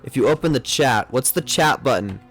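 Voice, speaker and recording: A man's voice: mid-range voice, expressive, moderate pace, soft background music. A young man streaming a game live, rambling and joking at himself as he plays. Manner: rambling, self-mocking, muttering to himself. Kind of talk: live gameplay commentary.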